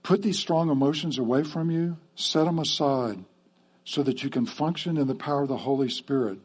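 A man's voice: mid-range voice, normal speed, a little mellow, slightly rough. A man preaching a sermon to his church in a conversational way, often checking in with the congregation with "okay?". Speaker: pastor.

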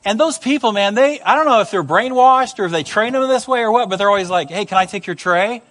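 High-voiced animated male preacher. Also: fast. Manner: animated, acts out quoted voices, humorous asides. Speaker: pastor. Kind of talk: sermon. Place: church service before a congregation.

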